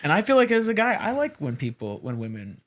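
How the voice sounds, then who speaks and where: A man's voice: on the high side, huge pitch swings, fast, fairly bright tone. A young man co-hosting a podcast, giving rambling, frank advice in casual chat and swearing freely. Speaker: podcast co-host.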